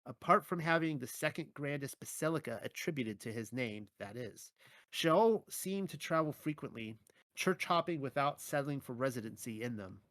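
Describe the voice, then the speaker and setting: A man reading his own Bible teaching article aloud in a measured way, with occasional stumbles and wry asides. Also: mid-range voice, animated, fairly bright tone, dry recording.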